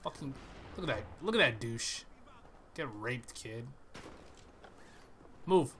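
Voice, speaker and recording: A man's voice: mid-range voice, animated, slow, a bit bright, slight background noise. A man giving profane, trash-talking live commentary over a shooter game he is playing. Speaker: gaming channel host.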